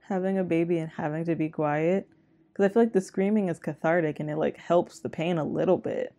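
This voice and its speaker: A young woman hosting a movie reaction, talking quietly and close to a whisper with wry quips. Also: lowish voice, steady tone, a little fast. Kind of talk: hushed movie reaction chat.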